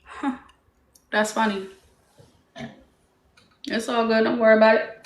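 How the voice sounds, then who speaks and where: Slow, gravelly woman hosting a live stream. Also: a little high, flat delivery. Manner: defiant, slow and drawling. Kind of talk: casual live stream chat. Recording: roomy echo with faint noise.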